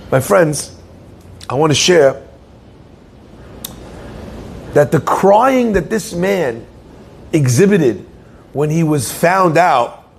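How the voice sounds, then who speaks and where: A man's voice: high-pitched, creaky, husky. A man preaching as a rabbi, telling a story in his sermon and putting questions to his listeners. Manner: animated storyteller who asks the listeners questions.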